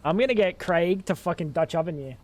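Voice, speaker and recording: A man's voice: on the high side, brisk. A man streaming a game, chatting casually and thinking aloud, with plenty of swearing. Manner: rambling, profane, thinking aloud. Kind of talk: casual livestream chat while gaming.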